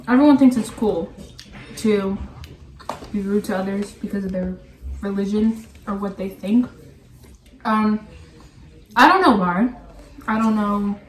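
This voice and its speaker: Young female guest, relaxed filler-heavy chat, roomy distant recording with faint hiss. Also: medium pitch. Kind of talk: casual chat. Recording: echoey room, mic a bit far, faint hiss.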